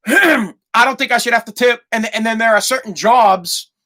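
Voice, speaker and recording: A man's voice: very high-pitched, a little slow, pushed and bright. A man hosting a solo podcast, ranting in a profane, emphatic way. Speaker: podcast host.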